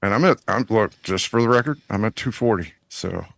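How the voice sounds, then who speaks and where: A man co-hosting a podcast, speaking in a very low, deep voice. He teases dryly and crudely in relaxed, casual chat. His voice sounds close and dry. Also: brisk, creaky, no room sound, faint music behind. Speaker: podcast co-host.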